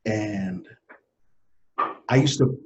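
Speaking as an interview guest, this forties-aged man shares a personal story haltingly and earnestly. Emotion chokes him up, and his voice sinks low and soft; the audio is dull and lo-fi.

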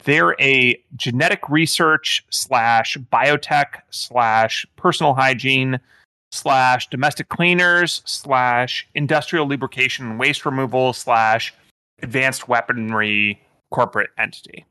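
A man's voice: medium pitch, takes it slowly, pushed and bright, clear, resonant tone, no room sound. A man running a tabletop game as game master, explaining the world in a rambling way with many fillers.

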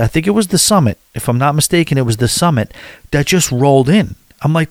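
A man's voice: on the high side, animated, quick pace, no room sound, clean studio sound. Rambling middle-aged man telling a story. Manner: rambling, with frequent restarts and asides. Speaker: vlogger recounting a cruise stop. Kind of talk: casual storytelling.

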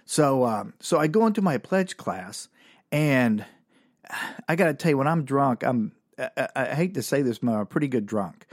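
A man's voice: mid-range voice, expressive, normal speed, no room sound, studio quality. A middle-aged man, hosting a podcast and telling a comic story in a rambling, self-mocking way, chuckling often and swearing casually.

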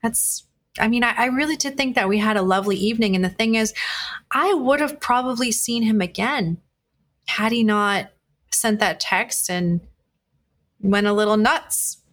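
A woman's voice: fairly high pitch, moderate pace, a bit bright. Candid, blunt woman recounting a date. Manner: candid and blunt, swears freely; frequent restarts and fillers, conversational retelling. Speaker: podcast host. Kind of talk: personal dating story told to listeners.

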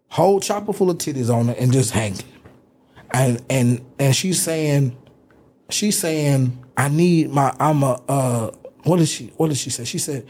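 Husky young man telling a wild story. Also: medium pitch, normal speed. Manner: animated storyteller, acts out quotes. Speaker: podcast host. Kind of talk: casual storytelling.

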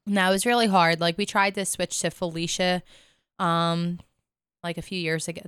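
A young woman with a stuffed-up nose, chatting as a podcast guest in a giggly, lively way. Her voice is on the low side and smooth, and it is recorded dry and close. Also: normal speed, no echo. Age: young adult. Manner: giggly, animated storyteller. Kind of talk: casual chat.

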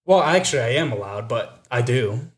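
A man co-hosting a casual podcast, joking and provocative, quick to laugh. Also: mid-range voice, animated. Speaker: podcast co-host.

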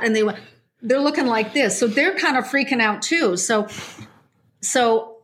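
A woman, a psychic medium, telling an anecdote in an interview, lively, with many restarts and self-corrections. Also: a little high, a little slow. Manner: animated storytelling with many restarts.

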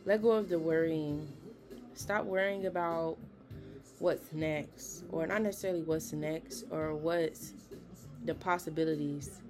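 A woman's voice: low voice, fairly even intonation, a little slow, music in the background. A young woman hosting a podcast, chatty and emphatic, giving casual motivational talk with slangy asides. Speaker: podcast host.

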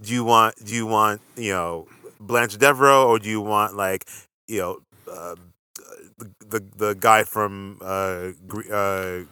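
A man co-hosting a casual podcast chat, animated and quick to stammer and repeat words as he gathers his thoughts. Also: on the low side, clear, resonant tone, no echo. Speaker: podcast co-host.

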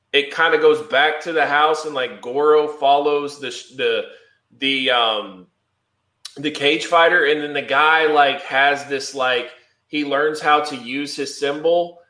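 A man's voice: a little high, bright, forceful tone, roomy sound. A man co-hosting a casual podcast chat, rambling with lots of fillers. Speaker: podcast co-host.

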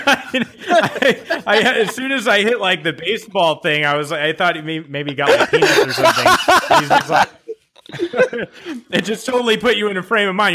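A man hosting a podcast, joking and laughing often in relaxed banter. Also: high voice, moderate pace. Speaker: podcast host. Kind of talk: casual chat.

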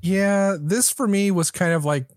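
A man guesting on a podcast, telling things quickly with amusement. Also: sits high, dry recording, studio quality. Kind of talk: casual podcast chat.

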